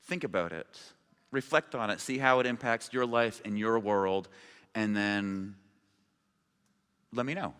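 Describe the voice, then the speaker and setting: A man's voice: on the low side, measured pace, pauses often, fairly bright tone, clean tone. A man preaching a sermon as pastor, in a conversational, informal way with asides. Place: church sanctuary. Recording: long reverb of a large hall.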